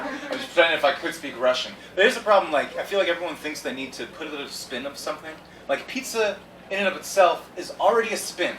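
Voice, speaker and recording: Animated, bright-voiced improv host man. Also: a little high, fast. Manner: animated ranting, shouts punchlines. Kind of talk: live improv comedy. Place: comedy venue with audience. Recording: echoey room from far off, faint noise.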